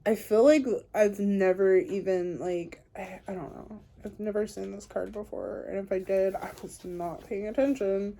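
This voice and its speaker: A woman's voice: medium pitch, mellow. A woman giving a casual spiritual tarot reading to camera, chatty and encouraging, talking straight to the viewer and saying "like" and "y'all". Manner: loose and playful, says "like" and "y'all". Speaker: tarot card reader.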